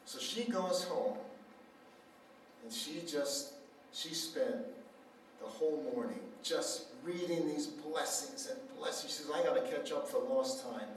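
Preacher in an echoey hall. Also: male voice, fairly high pitch, measured pace. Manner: animated storyteller, acts out quoted dialogue. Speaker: speaker at a healing center. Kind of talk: sermon with storytelling. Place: church hall. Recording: echoey hall, mic far off, faint noise.

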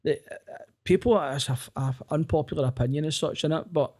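A young Glaswegian man, a comedian guest on a podcast, telling rapid, sweary anecdotes and often breaking into laughter. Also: fairly high pitch, a little mellow. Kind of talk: casual podcast chat.

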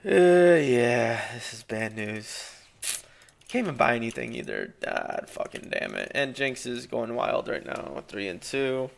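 A man's voice: medium pitch, lively intonation, measured pace, vocal fry. A young man giving frustrated, swearing live commentary over his own gameplay. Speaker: gameplay streamer.

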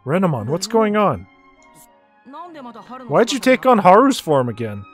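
A man's voice: high-pitched, wildly swooping pitch, measured pace, soft background music, heavily acted. A man reading the lines of a puzzled teenage boy pressing for answers in a video game. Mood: questioning.

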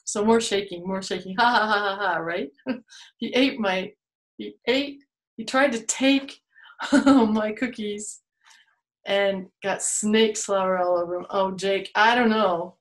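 A woman's voice: medium pitch, measured pace. A woman hosting a children's storytime for an online video, playful and full of exaggerated exclamations. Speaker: children's museum storytime host. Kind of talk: children's storytime, told to camera. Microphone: video recorded for online viewing.

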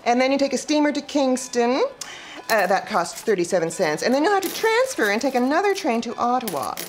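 A woman playing a brisk, chirpy female ticket agent reciting fares and upselling insurance. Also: fairly high pitch, sing-song, slight background noise.

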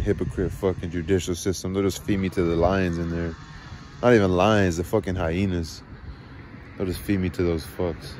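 Deep-voiced man venting with constant swearing. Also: noisy background. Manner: rambling, frequent swearing, agitated. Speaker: vlogger. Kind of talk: casual venting monologue.

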